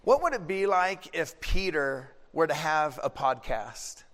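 A man's voice: on the high side, sing-song, measured pace, fairly bright tone, long reverb tail. A man pastor giving a conversational, joking sermon.

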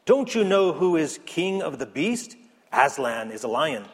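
A man's voice: a little high, very animated, unhurried, breathy edge, exaggerated voice. A man voicing a stern, proud male beaver in an emphatic storybook reading. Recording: echoey hall.

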